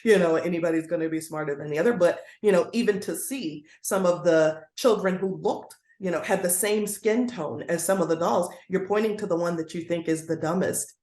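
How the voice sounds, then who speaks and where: A woman's voice: on the low side, brisk, hardly any pauses, a little mellow. A woman guest educator speaking earnestly in a conversational interview, now and then acting out the voices she quotes. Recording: roomy echoey sound.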